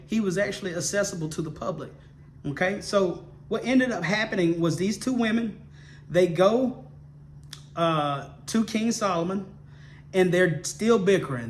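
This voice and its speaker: A man retells a Bible story and draws its lesson in an informal teaching. His voice sits somewhat high for a man, and he speaks at an unhurried, drawn-out pace. He repeats himself often and keeps asking "okay?" to check his listeners follow. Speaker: ministry teacher.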